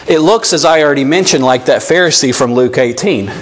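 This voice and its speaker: A man's voice: on the high side, brisk. A male pastor preaching an earnest sermon to his church and reading scripture aloud. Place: church sanctuary.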